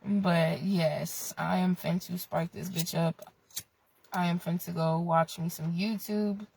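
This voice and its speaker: A woman's voice: fairly low pitch, slow pace, creaky, a little hiss or hum, low-quality recording. A young woman vlogger giving a blunt, profane motivational rant in casual chat. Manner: profane, blunt, animated with bursts of laughter.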